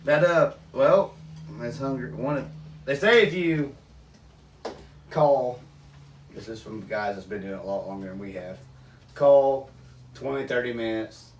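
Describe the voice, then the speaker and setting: A man's voice: medium pitch, distant mic, highs cut off. A man on a casual outdoors podcast, chiming in with yeahs and his own hunting stories. He sits back from the mic in a roomy space with a faint noise in the background. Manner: chatty, lots of agreeing murmurs and quick asides. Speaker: podcast co-host.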